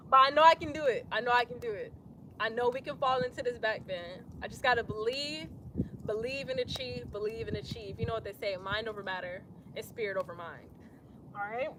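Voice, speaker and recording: A young woman leading a casual yoga class outdoors, chatty and talking herself up out loud as she tries a backbend. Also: on the high side, normal speed, long pauses, slight background noise. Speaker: yoga instructor.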